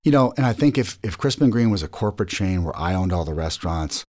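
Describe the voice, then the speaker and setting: A man's voice: low voice, lively intonation, fast talker, a little mellow. A man answering interview questions about his restaurant chain, rambling with lots of restarts and repeated words.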